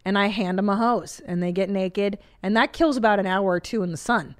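Middle-aged woman host, casual advice chat, blunt and profane, mid-range pitch. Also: brisk. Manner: blunt, brash, swears freely. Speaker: podcast host.

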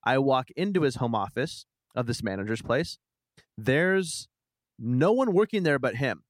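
A man co-hosting a casual chat, telling a story in a relaxed, easygoing way. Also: mid-range voice, measured pace, dry recording.

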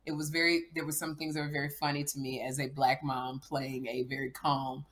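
A woman co-hosting a podcast in casual chat, an animated storyteller who jumps into high, loud voices when acting out scenes. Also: fairly quick. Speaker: podcast co-host.

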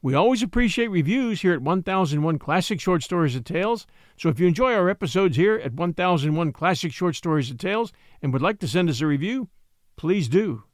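A man narrating a classic short story, reading in an expressive, measured way. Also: high-pitched, no room sound, studio quality. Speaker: narrator and podcast host.

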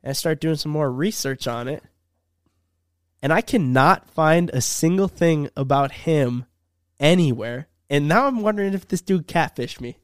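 A man's voice: fairly high pitch, expressive, moderate pace, clear, resonant tone, dry recording, clean studio sound. A young man telling a story in casual podcast chat, laid-back and acting out the quotes. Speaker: YouTuber.

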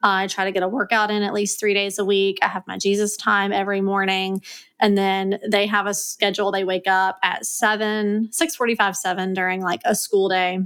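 A woman's voice: mid-range voice, flat delivery, fairly bright tone, clear, resonant tone. A woman in her thirties with a Southern US accent, chatting as a podcast guest and laying out her daily routine step by step. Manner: brisk, organized, listing routines step by step. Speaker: guest, executive assistant. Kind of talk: casual podcast chat.

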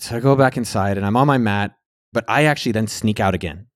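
A man's voice: on the low side, fast talker, dry recording, clean studio sound. A man vlogging in a casual storytelling style. He speaks candidly, swears freely, and acts out his own past words.

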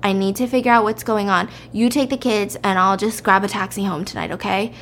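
A woman voicing a gruff, impatient father who gives orders. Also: mid-range voice, fairly even intonation, brisk, fairly bright tone, slight background noise, natural voice.

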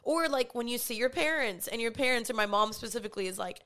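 A woman's voice: a little high, expressive, a little fast, few pauses, sharp tone. A young woman hosting her own podcast, giving a candid, casual personal update and leaning heavily on "like" as she talks. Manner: candid, heavy use of "like", emotional at times. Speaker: podcast host.

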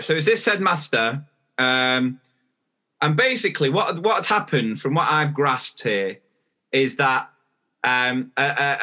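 A young man co-hosting a podcast, telling a story in an easy, chatty way and acting out bits of the dialogue. His voice is bright and forward, sitting at an ordinary middle pitch. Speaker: podcast co-host. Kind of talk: casual chat.

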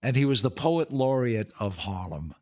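A man's voice: mid-range voice, lively intonation, moderate pace, darkish tone. An older man, an actor and comedian, telling anecdotes as a guest in a podcast interview, laughing through his punchlines.

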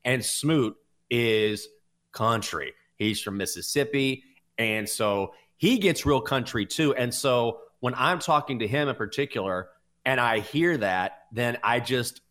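A man in his fifties with a Southern American accent hosts a sports betting podcast, his medium-pitched voice a bit bright. In casual, rambling chat he is self-reflective and often restarts his sentences.

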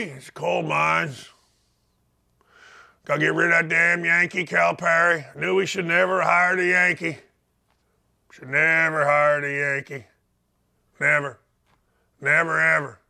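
A man voicing a grumbling old-time Kentucky basketball fan in a low drawl with a Kentucky accent. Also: unhurried, vocal fry, long pauses, pushed and bright, heavily acted.

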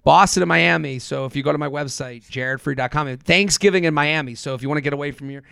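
Man, slightly high, gravelly, rambling podcast chatter, dry close mic. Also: quick pace, pushed and bright, no room sound. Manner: rambling, lots of fillers and restarts. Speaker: comedian and podcast guest. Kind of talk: casual podcast chat.

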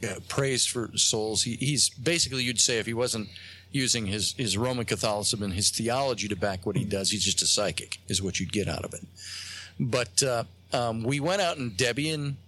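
A man with a fairly low voice tells a story as a guest on a talk show. He pauses often, restarts his sentences and fills the gaps with "uh" and "um.". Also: fairly bright tone. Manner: halting, many fillers and restarts. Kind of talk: casual storytelling on a radio show. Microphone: phone line.

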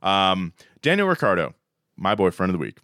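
Man, podcast co-host, casual chat, lively swinging pitch, dry close sound. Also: moderate pace, no echo. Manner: animated, rambling with fillers.

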